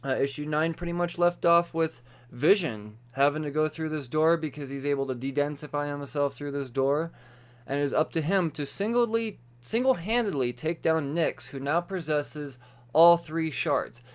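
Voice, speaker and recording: A young man with a voice on the high side talks at normal speed, hosting a solo comics podcast while a little tipsy from beer. He rambles loosely and swears freely as he reviews the week's issues, quoting characters in offhand voices.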